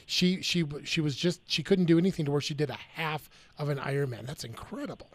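A man's voice: fairly high pitch, quick pace. A man hosting a radio talk show, reacting with enthusiasm and asking his guest questions. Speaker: radio host. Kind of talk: casual talk radio chat.

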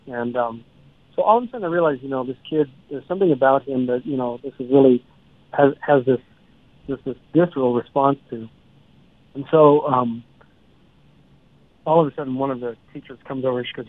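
A man who writes children's books, telling a story from a school visit in a relaxed way, with many fillers. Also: medium pitch, a little fast, dry recording. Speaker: children's author. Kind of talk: storytelling in a radio interview. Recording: dry tinny phone line.

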